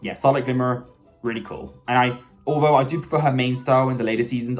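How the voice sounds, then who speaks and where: An eager man chats loosely to camera as a fan vlogger, often restarting his sentences and wandering into side remarks. His voice sits at an ordinary middle pitch. Faint music plays softly underneath. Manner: enthusiastic, fan-like, many self-corrections and asides. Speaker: video host ranking cartoon characters. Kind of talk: casual rambling commentary.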